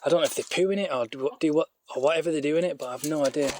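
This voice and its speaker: A man rambles through a casual vlog outdoors in a farmyard, full of restarts and fillers. His voice sits a little high, and he coaxes the ducks in a higher tone still. A faint hiss runs underneath. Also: racing, darkish tone. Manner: talks to the animals in a higher, coaxing voice. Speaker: vlogger keeping poultry on a farm. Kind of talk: casual walk-and-talk vlog. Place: outdoors in a farmyard by a duck shed.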